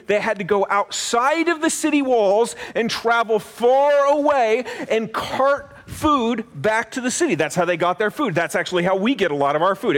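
A man preaching an animated, playful sermon, asking the audience questions and acting out little voices. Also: high-pitched. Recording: long hall reverb.

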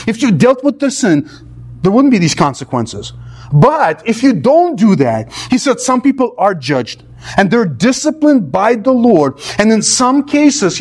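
A man preaching a sermon, earnest and emphatic, his pitch rising and falling with each point. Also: darkish tone. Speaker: pastor.

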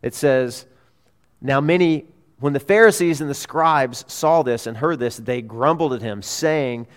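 A man's voice: medium pitch, a little slow, clear, resonant tone. Earnest preaching man in a hall. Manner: earnest preaching, swelling and dropping emphasis. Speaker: pastor. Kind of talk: sermon. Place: church sanctuary. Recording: long reverb of a hall.

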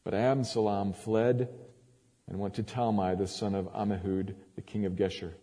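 A man preaching, reading scripture aloud in a measured, emphatic way with sudden rises. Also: lowish voice, little pitch movement, warm tone. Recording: long hall reverb.

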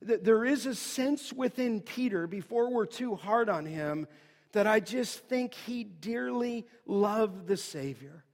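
High-voiced preacher in an echoing hall. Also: male voice, expressive, slow. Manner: earnest, emphatic, builds to loud declarations. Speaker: pastor. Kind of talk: sermon.

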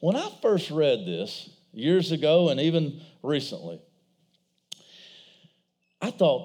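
A middle-aged pastor delivers a sermon in a church, his voice sitting high and swinging widely. He tells stories with energy and acts out the voices of the people in them. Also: slow, pauses often. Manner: animated storytelling, acts out voices.

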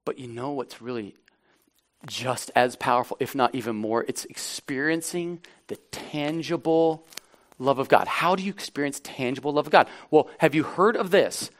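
A man preaching a sermon in a church, impassioned, swinging between loud emphatic lines and low, intimate asides. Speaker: pastor.

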